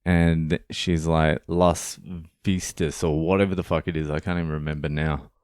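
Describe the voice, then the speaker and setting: A man's voice: a bass voice, little pitch movement, normal speed, a little mellow, smooth, dry recording, clean studio sound. An Australian man hosting a podcast, telling a story in a blunt, sweary, joking way. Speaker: podcast host. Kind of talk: casual storytelling monologue.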